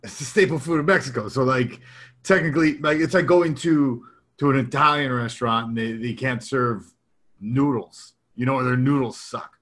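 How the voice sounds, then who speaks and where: A man in his thirties or forties co-hosts a podcast, chatting casually and rambling while laughing often. His voice is medium-pitched and fairly bright, at a moderate pace.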